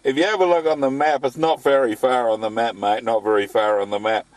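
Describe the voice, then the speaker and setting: A man's voice: medium pitch, fairly even intonation, brisk, no room sound. An Australian man chatting on amateur radio from a bush campsite, joking and using call signs. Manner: jokey, uses radio call signs and slang. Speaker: amateur radio operator, travel vlogger. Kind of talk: casual ham radio chat.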